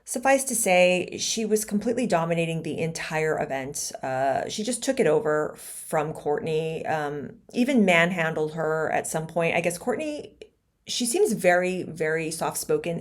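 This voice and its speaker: Woman vlog host with a lowish voice, gossipy and sarcastic in casual commentary. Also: animated, moderate pace. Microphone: personal microphone.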